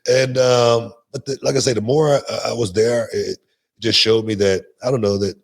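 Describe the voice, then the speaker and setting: A man guesting on a talk show, telling animated stories and often repeating words as he goes. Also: medium pitch, moderate pace, creaky. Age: older. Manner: animated, repeats words, laughs mid-sentence. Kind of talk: casual interview storytelling.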